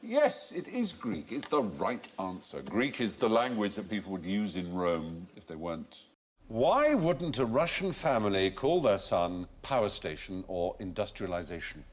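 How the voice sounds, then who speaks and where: A man's voice: on the low side, wildly swooping pitch, normal speed. A man hosting a comedy quiz panel show, explaining answers in an articulate, amused way before a studio audience. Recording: studio audience laughter and noise. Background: audience laughter.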